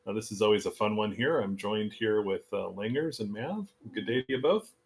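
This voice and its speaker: A man hosting a casual community call over a remote link, speaking in a relaxed, halting way with frequent fillers. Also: fairly low pitch, slightly rough. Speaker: host.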